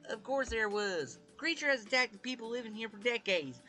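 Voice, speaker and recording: A man's voice: very high voice, animated, a little fast, sharp tone, soft background music, voice pushed up, exaggerated voice. A man voicing an eager male tour guide with a Southern accent. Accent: American Southern.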